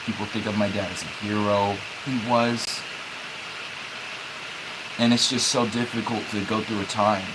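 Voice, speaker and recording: A young man livestreaming, speaking haltingly as he holds back tears, with many restarts and repeated words. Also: fairly low pitch, flat delivery, background noise. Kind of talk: emotional livestream talk.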